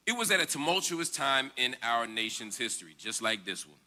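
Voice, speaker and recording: A man presents an award in a very bright, forceful voice. He speaks in a measured, oratorical way, earnest and formal. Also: a little high. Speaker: event presenter.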